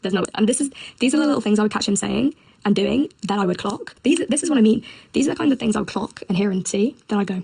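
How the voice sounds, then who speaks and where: A young woman on a livestream, telling a personal story in rapid, agitated casual chat, acting out quotes with nervous laughs. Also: medium pitch, vocal fry, darkish tone, breathy edge, rough recording. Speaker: streamer.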